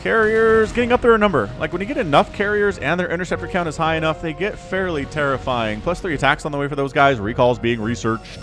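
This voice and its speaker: A young man giving chatty, excitable solo play-by-play commentary on a strategy video game, laughing now and then as he talks. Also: on the high side, fast talker, few pauses, soft background music. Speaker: esports caster.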